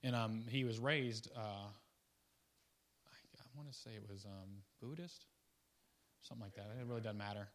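Delivering a casual guest sermon at a moderate pace, a man leaves long pauses and wanders in conversation, restarting and adding asides. His volume shifts from excited, loud outbursts to low, quiet comments.

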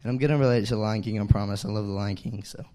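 A young man giving a casual, chatty sermon, full of fillers and restarts, growing louder on key points. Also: lowish voice, steady tone, racing. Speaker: young preacher.

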